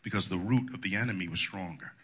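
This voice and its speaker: A man's voice: deep voice, fast, sharp tone, breathy edge. A male pastor preaching a sermon in a folksy, colloquial way, wandering into asides.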